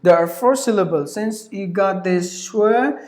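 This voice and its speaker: A woman teaching English pronunciation, repeating each word slowly several times with filler sounds between explanations. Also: mid-range voice, a little mellow. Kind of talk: pronunciation lesson. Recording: echoey room.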